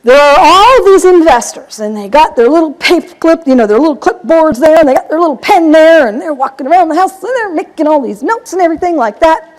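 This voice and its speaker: High-pitched woman, real estate seminar trainer, lively storyteller, plays out dialogues. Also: brisk, few pauses, rough recording. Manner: lively storytelling, acts out both sides of conversations. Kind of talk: seminar talk to a live audience.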